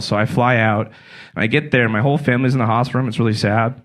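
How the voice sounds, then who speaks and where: Stand-up comic, man in his twenties, from California, deadpan storyteller. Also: mid-range voice, quick pace. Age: 20s. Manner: deadpan storytelling with acted-out quotes. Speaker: stand-up comedian. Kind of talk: stand-up set. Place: small comedy venue with a live audience.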